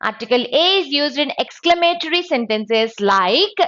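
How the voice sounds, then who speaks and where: A woman teaching an exam-prep grammar lesson, slow and deliberate, spelling out letters and sounds. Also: high voice, expressive, fairly bright tone, highs cut off.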